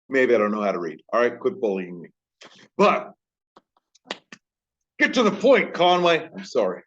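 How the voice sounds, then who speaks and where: A man who teaches high school, talking casually to camera in a rambling, self-deprecating way. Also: highs cut off. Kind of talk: casual vlog talk.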